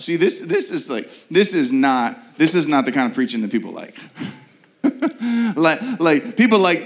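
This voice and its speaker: Man, pastor, sermon, high-pitched voice, earnest, rhetorical questions, repeated restarts. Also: very animated, normal speed.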